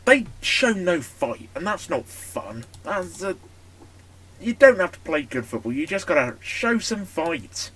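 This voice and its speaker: Male gaming YouTuber with a high voice, chatty match commentary that spikes into shouting. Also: unhurried, slightly rough. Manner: chatty, erupts into excited shouting at big moments. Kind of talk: casual commentary over a football management game.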